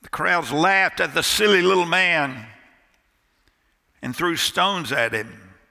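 A man preaching a sermon as a pastor, telling a story dramatically with pauses and sudden drops to a near hush. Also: a little high, vocal fry. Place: church sanctuary. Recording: long reverb of a church hall.

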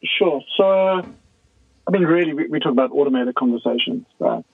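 A man as a guest expert, explaining in a casual, animated way and acting out quoted dialogue. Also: a little high, moderate pace. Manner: animated storyteller who acts out quoted dialogue. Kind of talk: conversational podcast explanation. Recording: tinny phone line, dry.

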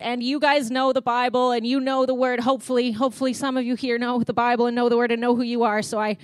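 A woman with a Canadian accent preaches a sermon in a chatty, storytelling way, acting out conversations as she goes. Her voice sits a little high. The sound is dry and close, with almost no room echo. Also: little pitch movement, fast talker, hardly any pauses, clear, resonant tone. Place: church.

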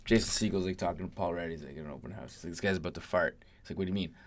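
A man's voice: sits low, racing. A man co-hosting a podcast, chatting casually, swearing freely and telling stories through quoted lines. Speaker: podcast co-host.

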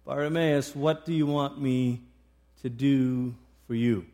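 A man voicing a kind, tender male teacher who speaks softly and slowly. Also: medium pitch, steady tone, voice pushed down, natural voice. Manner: soft, slow and gentle.

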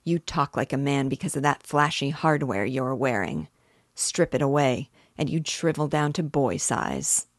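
A quiet gunfighter with a soft but carrying voice, edged with contempt, as a woman reads him aloud. The low voice sounds dry and close. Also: expressive, a little slow, dry recording, exaggerated voice. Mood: contemptuous. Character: quiet, proud male gunfighter. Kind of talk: reading a novel aloud.

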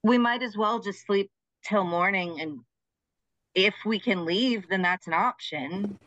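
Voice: medium pitch, unhurried, fairly bright tone, no room sound, low-quality recording. A player at a tabletop horror game, talking bluntly and practically. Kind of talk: casual tabletop play.

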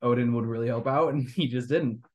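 A young podcast host with a medium-pitched voice talks a little fast, rambling critically about a movie in casual review chat full of fillers and restarts.

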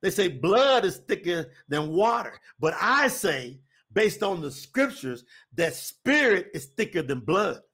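A man, preaching to an audience in a folksy, animated, repetitive way. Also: high-pitched, measured pace, husky. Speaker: preacher and co-host.

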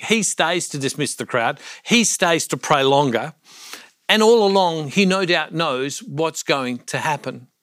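A man's voice: fairly high pitch, fairly bright tone, no room sound, studio quality. A man preaching a reflection on a Gospel passage, earnest, asking his listeners questions as he goes. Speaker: Catholic speaker.

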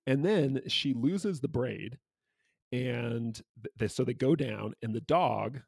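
A man's voice: medium pitch, slow, gravelly, a little mellow, breathy edge, dry recording. A man co-hosting a podcast, chatting casually about a picture book, laughing often and using many fillers. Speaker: podcast co-host.

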